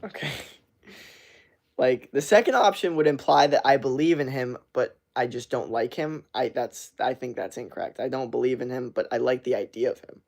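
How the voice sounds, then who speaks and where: Reading and riffing on chat in a casual live stream, a young man swears freely at normal speed. His middle-pitched voice is gravelly with some fry and a slightly mellow quality.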